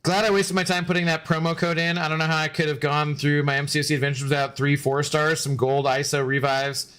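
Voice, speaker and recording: A man's voice: on the high side, flat delivery, a little fast, fairly bright tone, smooth. A man chatting casually on a gaming live stream, rambling, joking and answering chat.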